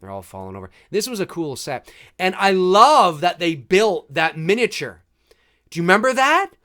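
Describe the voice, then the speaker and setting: A man's voice: high-pitched, big pitch swings, moderate pace, sharp tone. A man hosting a live movie commentary, chatting casually and joking about the scenes as they play. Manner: chatty, jokey, reacting with laughs and mock quotes.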